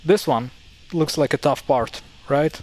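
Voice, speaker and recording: Ukrainian-accented male tutor, slightly high voice, hesitant, self-correcting, casual. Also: darkish tone, rough recording. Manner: halting, self-correcting, thinks aloud. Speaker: language teacher. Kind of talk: casual explainer.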